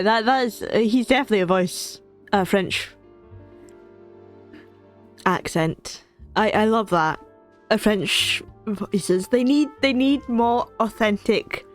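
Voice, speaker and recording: A woman streamer chatting excitedly while playing a game, often stumbling and repeating words. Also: medium pitch. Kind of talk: casual gameplay reaction.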